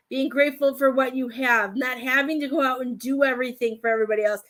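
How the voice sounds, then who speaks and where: High-pitched and fairly bright, with fairly even intonation, she talks fairly quickly with few pauses. She's a medium doing a live-stream tarot reading, rambling hesitantly through lots of "I feel like" and sometimes getting emotional and tearful.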